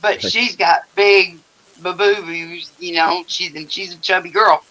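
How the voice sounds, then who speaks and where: An older man hosts a casual livestream from his home, telling crude stories in a blunt, profane way. His voice has a bright, edgy tone. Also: high-pitched, fairly even intonation, measured pace, slight background noise, low-quality recording. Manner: blunt, profane storytelling with laughter. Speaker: livestream host. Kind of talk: casual chat.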